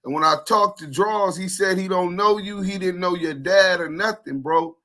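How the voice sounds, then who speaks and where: A fairly high, bright male voice with a forceful edge. He co-hosts a podcast in casual talk, addressing people bluntly and confronting them with street slang. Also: normal speed. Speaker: podcast co-host.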